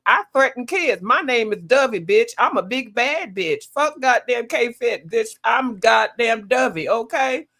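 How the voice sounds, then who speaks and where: Woman voicing a self-pitying older lady, profane, drawling, high pitched, slow. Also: animated, a bit bright, exaggerated voice. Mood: brash. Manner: drawling, cursing, mock-innocent.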